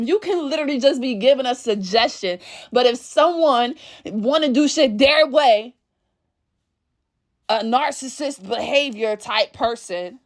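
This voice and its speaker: Woman vlogger, exasperated and cussing freely. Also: sits high. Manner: blunt, profane, exasperated. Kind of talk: casual rant to camera.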